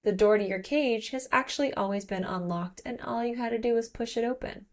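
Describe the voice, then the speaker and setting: A woman's voice: fairly high pitch, brisk, natural voice. A blunt, knowing male guardian, voiced by a woman. He speaks plainly and matter-of-factly, with a slightly raised voice. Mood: earnest.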